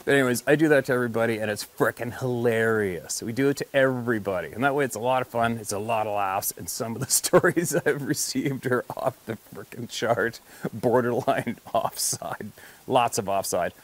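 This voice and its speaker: A hunting and fishing guide recounts a trip in a loose, animated storytelling voice at an ordinary middle pitch. He peppers his account with cussing and chuckles, swinging between hushed moments and loud bursts. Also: moderate pace. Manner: animated, swears freely, laughs at his own story. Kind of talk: casual storytelling.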